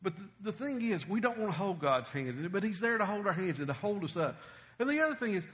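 A man preaching a sermon, folksy and animated, telling stories with humor. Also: sits high, quick pace.

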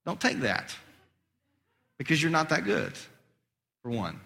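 A male pastor giving an animated, conversational sermon, his voice getting hoarse. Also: a little high, measured pace. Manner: animated, conversational preaching with acted-out quotes. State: losing his voice. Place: church sanctuary. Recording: long hall reverb.

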